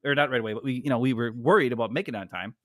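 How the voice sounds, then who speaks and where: A man in his forties, a podcast co-host telling a story in a casual, rambling, animated way. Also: mid-range voice, racing, no echo, clean studio sound. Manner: rambling, animated, heavy use of "like".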